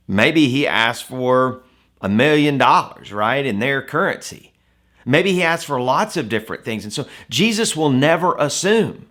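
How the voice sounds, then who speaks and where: A man's voice: a little high, a bit bright. Conversational man giving a Bible devotional. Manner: conversational, asks the listener rhetorical questions. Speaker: devotional speaker.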